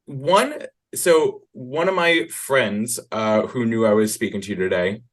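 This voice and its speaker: A man's voice: mid-range voice, expressive, measured pace. A man hosting a podcast interview, asking his questions hesitantly with lots of fillers. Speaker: podcast host.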